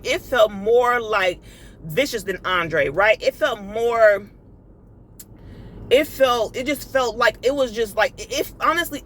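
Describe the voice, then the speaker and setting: A woman's voice: on the high side, fairly bright tone, a little hiss or hum, rough recording. A woman speaking casually about her faith and emotions, tearful and confiding, with lots of fillers and repeated phrases. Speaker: inspirational vlogger. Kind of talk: casual spiritual vlog monologue.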